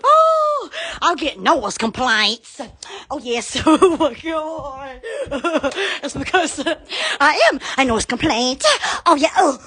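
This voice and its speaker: A woman's voice: high-pitched, slow, sharp tone. A woman hosting a livestream, giddy and silly, laughing and squealing between exclamations, filmed on a phone. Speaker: livestream host. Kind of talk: goofy livestream chatter. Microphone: phone camera.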